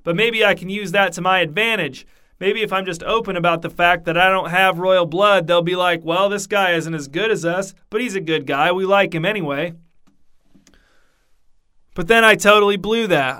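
A man's voice: high voice, pushed and bright, smooth. A man voicing a drunk, self-pitying king who rambles with slurred, sheepish words.

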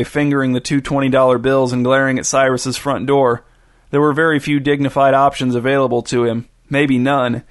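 A man reading a story aloud in a steady, even narrating voice. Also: medium pitch.

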